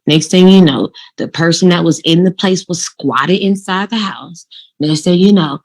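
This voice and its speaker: A woman speaks to her viewers in a casual, motivational vlog, telling her story with animation and plain, direct talk. Her voice sits a little low for a woman. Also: normal speed, a little mellow. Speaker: vlogger giving law of attraction tips.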